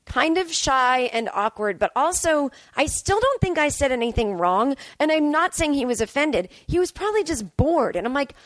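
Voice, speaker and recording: A young woman comedian rambles through a self-deprecating story on her podcast, her voice pitched a little high. The sound is close and dry, with no room around it. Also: very animated, moderate pace, hardly any pauses, dry recording. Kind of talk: casual podcast monologue.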